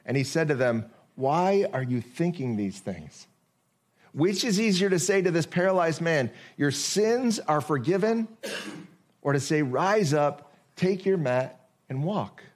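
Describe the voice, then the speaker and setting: Higher-voiced man preaching a sermon. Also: expressive. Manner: conversational, with frequent rhetorical questions; reads scripture slowly and deliberately. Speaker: pastor.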